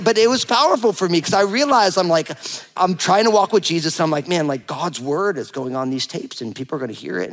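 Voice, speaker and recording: A man in his forties, a pastor preaching a sermon, telling a personal story with humor and acting out the dialogue. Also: fairly high pitch. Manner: animated, playful, acts out quoted dialogue.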